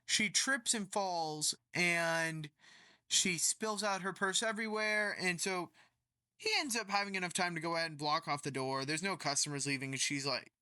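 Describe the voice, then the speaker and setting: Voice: mid-range voice, fairly even intonation, moderate pace, sharp tone, no room sound. A storytime narrator casually retelling a story in a rambling way with many fillers.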